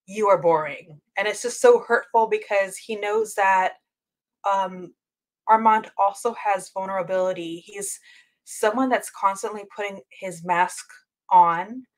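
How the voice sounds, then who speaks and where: A woman's voice: mid-range voice, measured pace. A woman hosting her own review channel, chatting casually about a TV episode in a rambling way, with lots of fillers and self-corrections. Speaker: book and TV review channel host.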